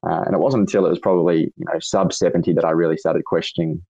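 A man with an Australian accent and a raspy voice, hosting a casual audio chat and asking long, rambling questions with lots of fillers. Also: deep voice, flat delivery, fast, warm tone, no echo, dull audio. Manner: rambling, self-correcting questions with frequent fillers. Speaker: host. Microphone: online audio chat room.

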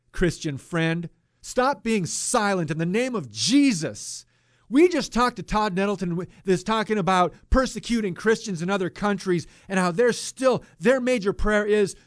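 A fairly high-pitched man hosts a Christian radio talk show into a studio microphone. He preaches with heat, jumping from loud outbursts to quiet, muttered asides. The sound is dry and close. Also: dry recording. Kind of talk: impassioned talk radio commentary.

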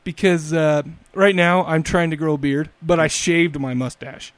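A man's voice: on the high side, fairly even intonation, moderate pace, no echo. Rambling male podcast host, dry close sound. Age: adult, married. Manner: rambling, self-deprecating. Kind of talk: casual chat.

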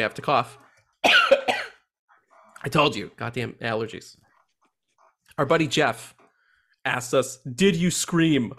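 A man hosting a podcast in casual chat, animated and profane, joking with his co-hosts. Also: medium pitch. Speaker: podcast host.

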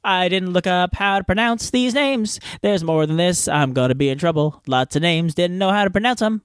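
A man's voice: sits high, expressive, normal speed, hardly any pauses, fairly bright tone, clear, resonant tone, no echo, studio quality. A man hosting a podcast, chatting through his outtakes in a goofy, playful, self-mocking way from a hot home garage. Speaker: podcast host. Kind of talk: casual outtakes chat.

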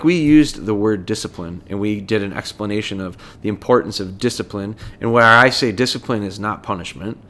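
A man's voice: lowish voice, fairly bright tone. Man explaining dog training casually. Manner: conversational, breaks points down step by step, frequent restarts. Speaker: dog trainer and podcast host.

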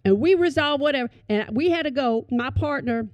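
Middle-aged woman, comic storytelling, lively, fairly high voice, dry close sound. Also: a little fast, dry recording, lo-fi sound. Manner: animated, addresses listeners as y'all.

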